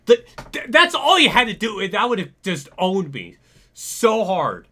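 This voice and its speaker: A man's voice: high-pitched, very animated, moderate pace, pushed and bright. A young man hosting a gaming channel, ranting in casual commentary, exasperated, swearing and laughing it off. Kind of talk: casual gameplay commentary rant.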